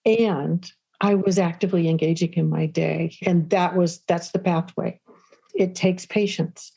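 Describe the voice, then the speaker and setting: Mellow, husky-voiced woman explaining calmly. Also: lowish voice, measured pace. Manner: calm, explanatory, often checks in with "right?". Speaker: guest expert on the nervous system. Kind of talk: podcast interview.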